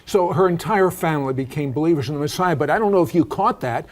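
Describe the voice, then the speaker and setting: Older guy hosting a faith talk show, earnest and emphatic, slightly high voice. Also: fast.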